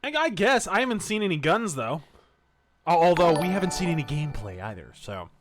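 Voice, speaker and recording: A man hosting a casual live game stream, loud and profane, breaking into excited yells while he plays. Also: a little high, brisk, a crowd in the background. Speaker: stream host.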